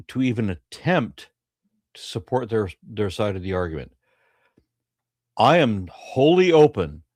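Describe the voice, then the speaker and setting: A man's voice: on the low side, a little mellow, no room sound, clean studio sound. A man co-hosting a live stream, talking bluntly and emphatically, with some profanity. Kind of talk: casual debate review chat.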